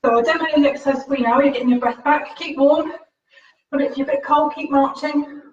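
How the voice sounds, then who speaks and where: A high-pitched, slightly mellow voice belongs to a woman instructor leading a home workout on a live stream, complete with a faith reflection. She talks briskly in a steady tone, upbeat and encouraging though a little out of breath from exercising, and the recording sounds roomy, distant and dull.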